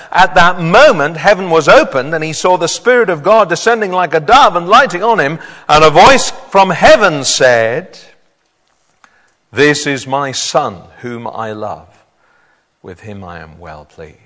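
A male preacher gives a sermon in a church hall, reading passages of scripture aloud before explaining them to the congregation. His voice sits a little high for a man, and a long reverb trails behind every phrase. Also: bright, forceful tone.

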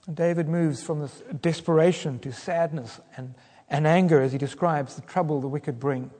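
A man preaching in a hall with a long, ringing reverb. His voice sits a little high for a man, and his delivery turns dramatic, swelling into fervent cries as he quotes pleading prayers. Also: normal speed, a little mellow. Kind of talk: sermon.

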